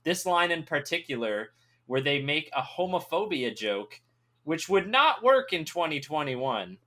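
A man's voice: fairly high pitch, big pitch swings, a little slow, bright, forceful tone. A man co-hosting a casual movie review podcast, exasperated and mocking, often laughing. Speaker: podcast co-host.

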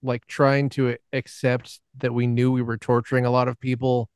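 A man with a smooth, clear voice trades easygoing thoughts on films in a podcast chat. He often laughs and restarts his sentences. The recording is dry and close. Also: medium pitch, little pitch movement, moderate pace, no echo. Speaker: podcast panelist. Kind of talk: casual film chat.

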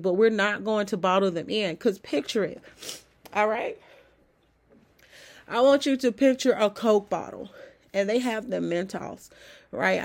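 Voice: mid-range voice, creaky. A motivational host speaks in a casual, encouraging way, often asking the listener questions. A cold leaves the voice a little sniffly. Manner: conversational and encouraging, with rhetorical questions. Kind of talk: motivational self-help talk.

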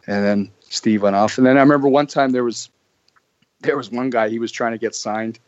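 A man's voice: mid-range voice, fairly even intonation, brisk, no echo. A young man from Canada, a podcast guest telling stories casually, rambling with restarts. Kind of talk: casual storytelling. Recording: dry muffled lo-fi audio.

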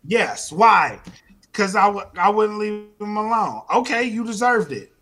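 A man's voice: sits high, animated, a little slow, sharp tone. A man co-hosting a comedy podcast, joking in blunt, profane banter. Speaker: podcast co-host. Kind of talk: casual comedic chat.

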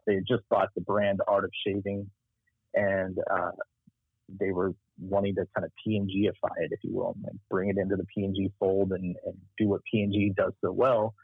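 A man's voice: sits low, a little fast, slightly rough, no room sound. A man from Texas with a Texas accent, telling stories from his marketing career in a casual interview. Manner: animated storyteller, acts out quoted voices. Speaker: marketing strategist guest. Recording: tinny phone-like line.

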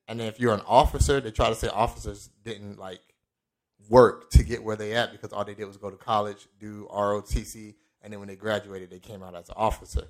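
Animated young man telling a story. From Florida. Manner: animated storyteller, acts out quoted lines with big pitch jumps, laughs often. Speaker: podcast co-host. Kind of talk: casual storytelling chat.

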